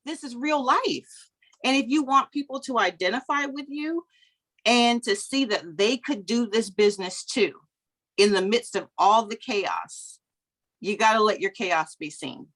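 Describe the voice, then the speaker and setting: A middle-aged woman giving a motivational coaching talk over a video call, chatty and lively. She laughs often and acts out anecdotes in quoted voices. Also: a little high. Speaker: business coach.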